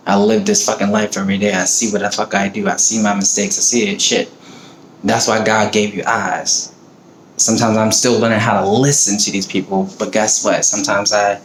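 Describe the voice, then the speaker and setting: A middle-aged man from the American South talking in a blunt, profane, fired-up casual monologue. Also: on the low side. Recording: roomy echo, faint background noise.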